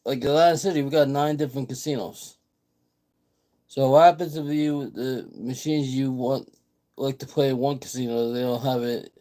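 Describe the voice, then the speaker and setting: A man talks to his vlog audience in a loose, rambling way. He repeats words and restarts his sentences as he goes. His voice sits at an ordinary middle pitch. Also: dark tone. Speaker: vlogger host. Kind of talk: casual vlog chat.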